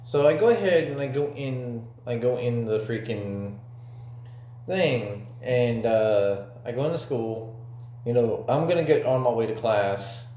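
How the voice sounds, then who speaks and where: A man's voice: medium pitch, a little slow, dark tone, muffled recording, a little hiss or hum. A young man telling a story from his own life in a casual, rambling way, with lots of fillers and swearing. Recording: echoey room.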